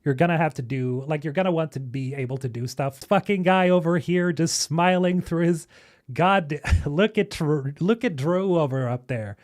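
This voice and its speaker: A man hosting a live stream, reacting casually and excitedly to a game video, thinking aloud and swearing. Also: fairly high pitch, moderate pace. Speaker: streamer host.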